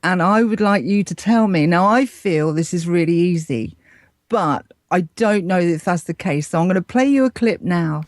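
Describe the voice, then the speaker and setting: A woman's voice: on the low side, animated, normal speed, no echo, clean studio sound. A woman with an English accent, co-hosting a casual chat in a playful, teasing way. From England. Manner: playful, teasing, laughs easily. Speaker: co-host, correspondent.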